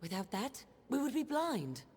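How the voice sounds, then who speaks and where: An actress playing a solemn female traveler devoted to a seer, speaking in a measured, earnest way. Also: fairly high pitch, sing-song, a little mellow, a little hiss or hum.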